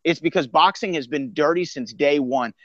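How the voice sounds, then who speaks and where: A man's voice: a little high, moderate pace, a bit bright, no room sound, dull audio. A male radio host from Texas arguing sports and music in an emphatic, opinionated way, telling stories to make his point. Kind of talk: casual sports and pop-culture debate. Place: radio studio.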